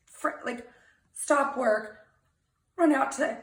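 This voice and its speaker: A woman telling her father an animated family story for his birthday, acting out the voices in it. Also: deep voice, normal speed, roomy sound. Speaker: daughter giving a birthday message.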